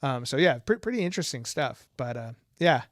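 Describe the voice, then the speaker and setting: A man hosting a casual podcast chat, enthusiastic and quick to laugh. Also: medium pitch, very animated, dry recording, studio quality. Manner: laughs often, enthusiastic and chatty. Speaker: podcast host.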